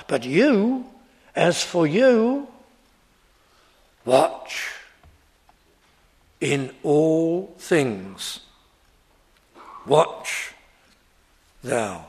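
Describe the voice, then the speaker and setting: A man preaching a sermon, slow and emphatic, asking his hearers rhetorical questions. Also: fairly high pitch.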